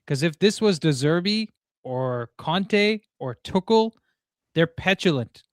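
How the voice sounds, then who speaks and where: A young man hosts a live football stream, loose and animated, dropping "bro" and "like" as he goes. He sounds worn out from too little sleep. His voice sits a little high and comes across dry and close, with no room around it. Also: no room sound. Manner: animated, talks fast, says "bro" and "like" a lot. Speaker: host of a live call-in football show. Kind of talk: casual live-stream chat.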